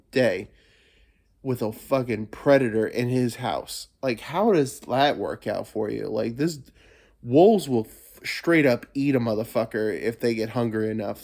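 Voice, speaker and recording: Man hosting a casual solo podcast, rambling, playful, swearing, getting over a cold, animated pitch. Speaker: podcast host.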